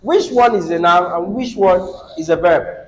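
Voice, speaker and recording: A man with a Nigerian English accent teaching a classroom English lesson, dictating rules slowly, repeating them and quizzing students. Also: high voice, a little hiss or hum, low-quality recording.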